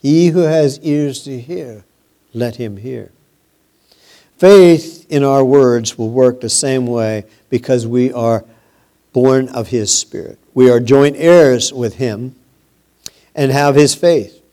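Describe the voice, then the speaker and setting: A man preaching a sermon, slow and emphatic, repeating phrases and letting his voice drop at the ends of lines. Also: mid-range voice, dark tone.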